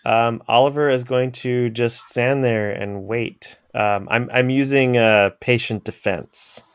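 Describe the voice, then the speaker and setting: Smooth, dry-voiced man playing a tabletop game. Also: medium pitch, steady tone, slow pace, no echo. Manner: hesitant, laughs often, narrates his character's moves. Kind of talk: casual tabletop role-play.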